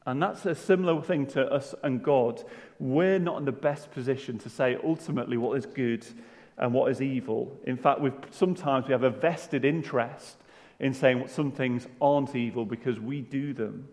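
A man's voice: mid-range voice, normal speed, darkish tone. A man preaching a sermon in a church, conversational, with rhetorical questions and self-deprecating humour. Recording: long hall reverb.

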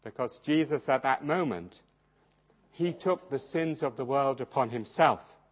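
A man preaching a sermon, swinging dramatically between loud emphasis and hushed low tones. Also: measured pace. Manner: acts out quoted voices in his storytelling.

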